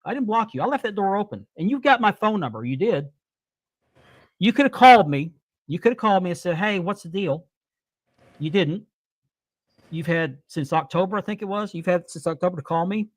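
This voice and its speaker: A man's voice: high voice, expressive, brisk, pauses often, no room sound. A man hosting a live-stream talk show who speaks indignantly and repeats his points for emphasis. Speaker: podcast host.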